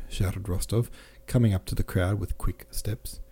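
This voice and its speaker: Deep, dark-toned male audiobook narrator. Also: fairly even intonation, unhurried, creaky, few pauses, slightly rough. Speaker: podcast host and reader. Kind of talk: scripted narration of a classic novel.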